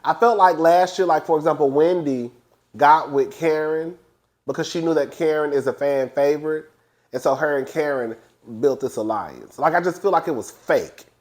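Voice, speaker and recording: A man reviewing a reality TV episode in casual, animated, gossipy commentary. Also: normal speed. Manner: animated, gossipy, acts out quotes in high voices.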